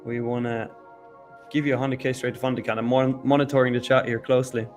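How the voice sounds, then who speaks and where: A male co-host on a live trading stream, chatting casually, laughing often and calling out names quickly during a giveaway. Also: mid-range voice, level tone, soft background music.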